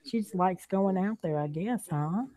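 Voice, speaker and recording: A woman's voice: mid-range voice, normal speed, warm tone. A woman with a Southern accent, hosting a casual livestream chat from home, talking in a loose, drawling way and laughing often. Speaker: livestream host.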